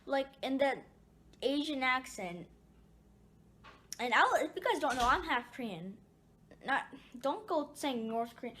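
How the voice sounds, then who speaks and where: A woman's voice: high-pitched, very animated, a little slow, pauses often, a bit bright, a little hiss or hum. A woman casually telling a personal story to viewers, rambling with many restarts.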